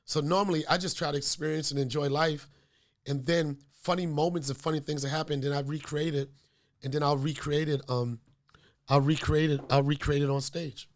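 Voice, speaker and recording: A male comedy podcast host with a slightly high voice, a little worn from a cold. He rambles loosely through stories, full of fillers and profanity. Casual and unscripted throughout. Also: fairly even intonation, a little fast. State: getting over a cold.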